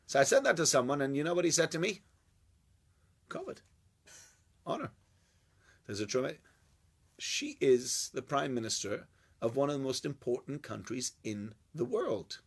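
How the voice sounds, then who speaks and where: A man's voice: medium pitch, very animated, moderate pace, creaky, pauses often, breathy edge. A man giving an informal Torah class, chatty and joking with his listeners. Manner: chatty, jokey, banters with listeners. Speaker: Torah teacher.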